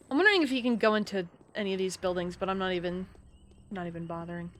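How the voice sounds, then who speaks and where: A young adult woman streaming a game live, chatting and muttering to herself with sudden high outbursts. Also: fast, slight background noise. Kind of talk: live gameplay commentary.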